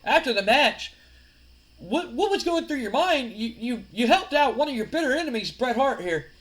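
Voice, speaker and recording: A man's voice: very high voice, big pitch swings, moderate pace, a bit bright, pitched above the performer's own voice, heavily acted. A man voicing an eager male backstage interviewer asking questions. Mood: probing. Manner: announcer-like, probing.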